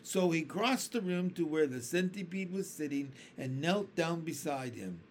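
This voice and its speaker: Casting: male storybook reader, slow and very expressive, slightly high. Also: a little hiss or hum. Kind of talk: reading a children's book aloud.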